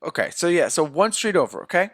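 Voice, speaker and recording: Animated man recapping a movie, dry close sound. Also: fairly high pitch, fast, no room sound. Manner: animated retelling, acts out characters' lines. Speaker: podcast co-host.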